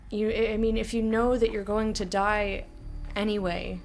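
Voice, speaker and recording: A woman's voice: mid-range voice, steady tone, normal speed, a little mellow, faint music behind. A woman giving casual live commentary while playing a video game, chatty and reactive, often laughing and talking to her chat.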